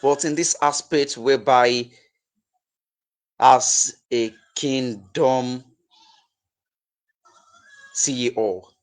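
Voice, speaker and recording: A man hosting an interview, asking questions and reflecting, with a halting delivery full of repeated words and restarts. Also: mid-range voice, fairly even intonation, low-quality recording. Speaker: interview host.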